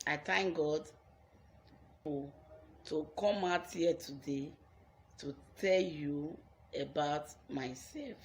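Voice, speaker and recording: A woman's voice: sits low, a little hiss or hum. A young Nigerian woman with a Nigerian accent telling her own life story on her vlog, earnest and repeating phrases for emphasis.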